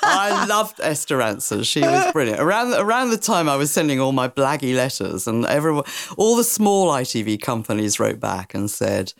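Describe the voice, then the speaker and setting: Woman, interview guest, self-mocking raconteur; very expressive pitch, dry close sound. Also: moderate pace, dry recording. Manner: lively, self-mocking storyteller. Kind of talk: anecdotal interview chat.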